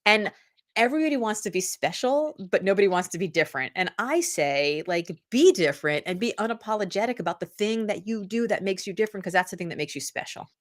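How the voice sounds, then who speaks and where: A woman's voice: medium pitch, fast. A middle-aged woman, an author guest in a casual interview, telling stories and acting out the lines of other people. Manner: animated storytelling, acts out quotes.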